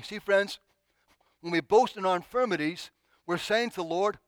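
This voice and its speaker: A man preaching a sermon, acting out pleading prayers with expressive, dramatic delivery. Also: high-pitched, normal speed, pauses often, no room sound.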